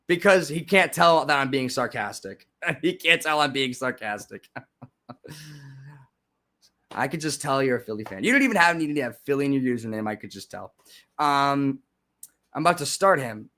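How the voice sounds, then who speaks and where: A young man hosting a live stream, chatting casually and sarcastically, with frequent restarts and sudden loud rants. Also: a little high, animated, normal speed. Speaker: livestream host.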